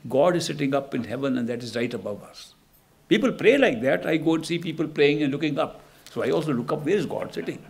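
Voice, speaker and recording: A man's voice: fairly high pitch, gravelly, breathy edge. A man who is a spiritual teacher, giving a reflective talk, telling stories and asking rhetorical questions. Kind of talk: spiritual discourse.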